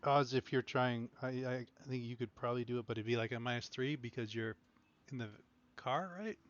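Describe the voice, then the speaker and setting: A man's voice: medium pitch, fairly quick. A man narrating as game master in a loose, casual way, full of fillers, with dull lo-fi sound. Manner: loose, filler-heavy description.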